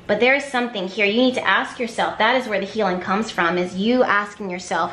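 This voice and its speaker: A woman's voice: medium pitch, fairly even intonation, fairly quick, hardly any pauses, a bit bright, reverberant. A woman giving an intuitive tarot reading to camera, talking emphatically with repetition and flashes of exasperation. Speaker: tarot card reader.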